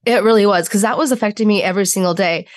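A woman's voice: mid-range voice, racing, dry recording, studio quality. A woman in her twenties, a podcast guest telling her story candidly and acting out the voices of people in it. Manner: animated storyteller acting out quotes.

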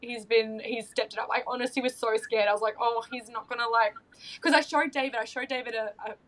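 A woman's voice: fairly high pitch, fairly even intonation, fairly quick, a bit bright, rough recording. A woman, chatting as a podcast guest, gushing and emotional, with many restarts and fillers. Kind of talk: casual chat.

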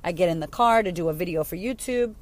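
A woman's voice: on the low side, fast. A woman in her thirties hosting a podcast for mothers, talking casually and bluntly, swearing freely as she tells stories. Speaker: podcast host and mom coach. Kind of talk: casual talk to listeners.

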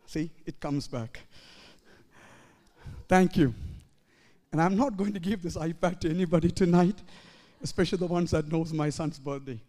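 A man preaching a sermon as a pastor, earnest and rising at times to shouts, in a church hall. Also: fairly high pitch, normal speed, long pauses. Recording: long reverb in a church hall.

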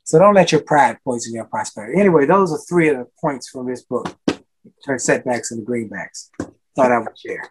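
A man's voice: mid-range voice, lively intonation, brisk, noisy background. An older man, a motivational speaker, giving a guest interview in a preachy way, repeating his key phrases for emphasis. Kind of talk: energetic podcast interview.

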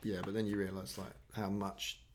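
A man's voice: low-pitched, normal speed, a little hiss or hum. A middle-aged man, a podcast guest, chatting casually and acting out little quotes as he tells family stories. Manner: animated storyteller, acts out quotes. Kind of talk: casual chat.

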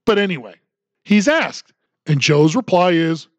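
A man's voice: on the high side, big pitch swings, measured pace, no echo. A man hosting a solo commentary podcast, talking in a sarcastic, ranting way. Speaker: podcast host.

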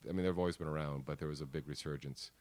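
A man in his forties, a guest artist in a studio, telling animated stories with casual swearing and acted-out quotes. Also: very deep voice, racing, no echo. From American. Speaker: guest, poster artist and co-founder. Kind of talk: casual storytelling interview.

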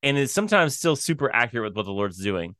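A man from the American Midwest co-hosting a podcast, asking questions in a relaxed, wry way. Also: medium pitch, fast, clean tone, no echo, clean studio sound. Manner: relaxed and wry, trails off and drops into a murmur. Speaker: podcast co-host. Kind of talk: casual conversational podcast chat.

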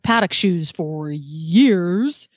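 A woman's voice: lowish voice, expressive, drawn-out words, dry recording. Woman regular on a radio show reviewing gear, chatty and detailed, dry close sound, dull lo-fi audio. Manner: chatty, detailed, self-deprecating humor. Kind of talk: casual radio talk show.

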